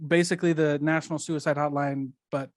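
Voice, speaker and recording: A man on a podcast with a higher-than-usual voice, talking in a loose, rambling way full of fillers and quick laughs. The sound is dry and close, with no room echo. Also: little pitch movement. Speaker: podcast guest. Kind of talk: casual conversational chat.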